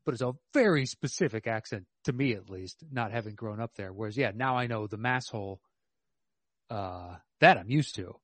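A man co-hosting a podcast, talking about movies in a measured, hesitant way with many fillers. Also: on the low side, lively intonation, a bit bright, dry recording. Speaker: podcast co-host. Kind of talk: casual movie chat.

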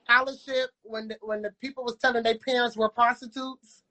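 A woman's voice: a little high, level tone, brisk, heavy background noise. A woman co-hosting a casual chat, playful and slangy, throwing out provoking questions. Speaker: co-host.

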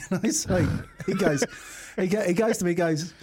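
A man's voice: high voice, moderate pace, breathy edge. A man telling a funny story on breakfast radio, laughing as he goes and acting out the voices. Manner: animated storyteller, laughs often, acts out quotes. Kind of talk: casual radio yarn. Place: radio studio.

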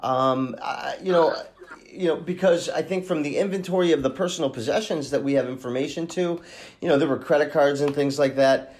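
A man hosting a true-crime podcast, thinking aloud in a halting way with many restarts as he talks through a case. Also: fairly high pitch, darkish tone. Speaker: podcast host and case investigator.

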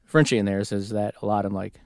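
A man's voice: lowish voice, steady tone, fast talker, vocal fry, no echo, studio quality. A man co-hosting a casual podcast chat, joking around, playing with words and laughing often. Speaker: podcast co-host.

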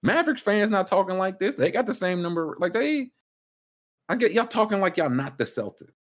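Male sports show host, casual rant, voice leaps around when he gets heated. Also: a little fast. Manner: animated, ranting, jumps high in pitch when worked up.

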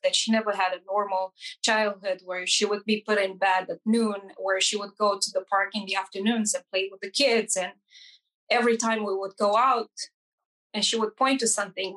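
A woman speaks at an ordinary middle pitch as an interview guest, telling her own story as a hairstylist. Her delivery is earnest and halting, with frequent restarts and fillers. She brings the story to life by acting out the dialogue in quoted voices. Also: fairly bright tone, rough recording. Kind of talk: emotional personal storytelling in an interview.

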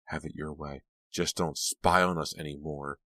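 A man's voice: extremely low pitch, steady tone, normal speed, fairly bright tone, dry recording, studio quality. A man voicing an exasperated teenage girl who snaps at her sister. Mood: snappish. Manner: snappish, exasperated. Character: snappy teenage girl, art student.

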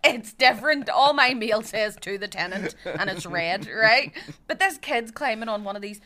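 A woman's voice: on the high side, lively intonation, normal speed, pushed and bright. A young adult woman with a Belfast accent, a guest comedian telling stories in casual chat, swearing freely and laughing often. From West Belfast, Northern Ireland.

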